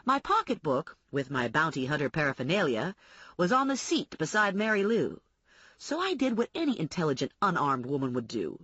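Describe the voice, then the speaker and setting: A woman narrating an audiobook in the first person, wry and brisk, with slightly husky speech on a slightly dull recording. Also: sits low, sing-song, a bit bright, no room sound.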